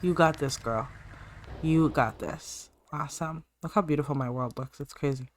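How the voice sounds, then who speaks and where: A woman's voice: low-pitched, moderate pace, slight background noise. A woman hosting a let's-play, chatting through her life-sim gameplay and talking straight to her game characters. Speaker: gaming channel host.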